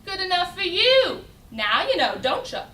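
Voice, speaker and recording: A woman reciting as a brash cockney flower girl, loud and defiant, recorded from a distance in an echoey room. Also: very high voice, big pitch swings, moderate pace, pitched above the performer's own voice, heavily acted. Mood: indignant. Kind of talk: recitation in a speech competition.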